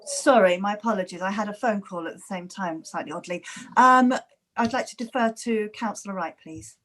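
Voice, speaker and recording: A woman councillor on a video call, apologetic and softly flustered. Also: mid-range voice, brisk.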